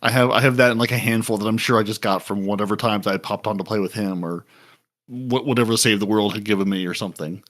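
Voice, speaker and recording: A man co-hosting a podcast in casual chat, animated and full of filler words and laughs. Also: fairly low pitch, quick pace. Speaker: podcast co-host.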